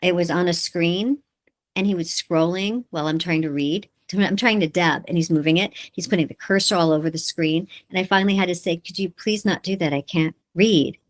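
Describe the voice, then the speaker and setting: Middle-aged woman, voice actor guest; animated, laughing storyteller in casual interview. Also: on the low side, fairly quick. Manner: lively storyteller who acts out dialogue and laughs often.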